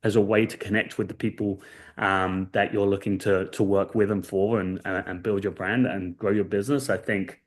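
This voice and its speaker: A man guest on a podcast interview, earnestly telling a story and tagging points with quick checks for agreement. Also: lowish voice, steady tone. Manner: earnest storytelling, many fillers and "right?" tags. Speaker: guest expert. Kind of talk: casual interview chat.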